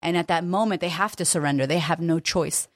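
Woman confidence coach, motivational monologue, emphatic and blunt, slightly low voice, dry close sound. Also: brisk, no room sound. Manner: candid, emphatic, swears freely.

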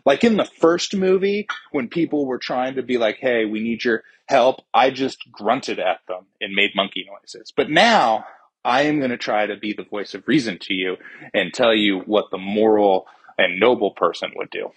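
A man doing a gruff warrior king. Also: lowish voice, moderate pace, dry recording. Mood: goofy. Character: blunt male warrior king turned voice of reason.

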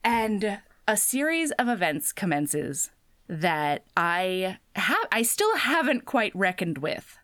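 Animated, lively-voiced woman telling a story. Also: medium pitch, slow pace. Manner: animated storytelling with acted quotes and swearing. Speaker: podcast co-host recapping a book. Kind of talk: casual chat.

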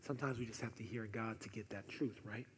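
A man preaching a sermon, animated and conversational, often dropping to softer tones for emphasis. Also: on the low side, fast. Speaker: pastor. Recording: echoey hall with faint noise.

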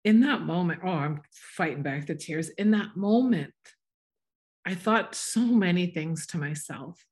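Deep-voiced woman, gently coaching. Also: expressive, unhurried. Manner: warmly encouraging, spiritual, gently coaching. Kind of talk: heartfelt podcast conversation.

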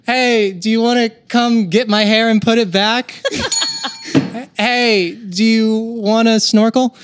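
A man's voice: extremely high pitch, steady tone, takes it slowly, a bit bright, a little hiss or hum, pitched above the performer's own voice, exaggerated voice. A man voicing a chatty, eccentric woman customer at a cheap salon, rambling and gasping in an improvised comedy sketch. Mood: goofy.

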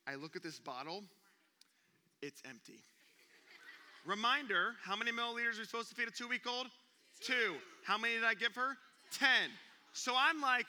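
A young man preaching, an animated storyteller who acts out gasps and sounds during a comic story, speaking in a church auditorium. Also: extremely high pitch, normal speed. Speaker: youth pastor. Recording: long reverb of a church hall.

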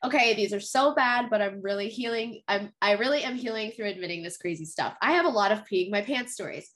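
A woman's voice: medium pitch, a little fast, fairly bright tone, slight background noise. A woman co-hosting a podcast, telling her own stories in candid, self-deprecating casual chat. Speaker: podcast co-host.

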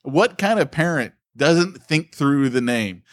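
A man's voice: a little high, lively intonation, slow, no room sound. A man co-hosting a podcast in casual banter, wry and jokey, often laughing at his own stories. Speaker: podcast co-host.

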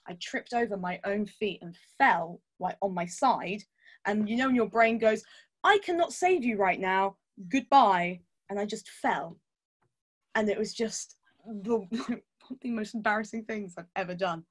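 A woman's voice: medium pitch, normal speed, breathy edge. A woman chatting candidly as a podcast guest, laughing often and swearing casually. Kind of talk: casual chat.

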